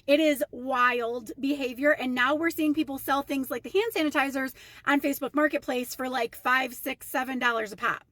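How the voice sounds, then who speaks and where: Chatty high-voiced woman telling a story. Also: normal speed, dry recording. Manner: chatty, animated, indignant. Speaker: storytime vlogger. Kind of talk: casual storytime rant.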